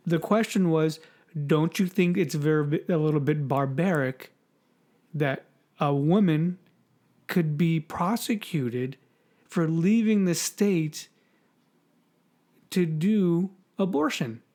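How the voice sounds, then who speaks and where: A man's voice: a little high, takes it slowly, long pauses, warm tone. A man co-hosting a podcast, chatting casually about politics in a rambling, mocking way, repeating words and swearing. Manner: profane, mocking. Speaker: podcast co-host.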